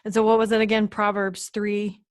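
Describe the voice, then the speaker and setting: A woman's voice: medium pitch, little pitch movement, a little fast, dry recording. Chatty young woman hosting a podcast, dry sound. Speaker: podcast host. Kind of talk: casual interview.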